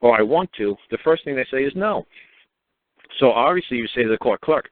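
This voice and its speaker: Man, casual storytelling monologue, animated, swears, does the voices of others, tinny phone audio. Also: mid-range voice, a little fast, no room sound. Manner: animated, acts out the people in his stories; swears freely. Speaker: talk show guest speaker.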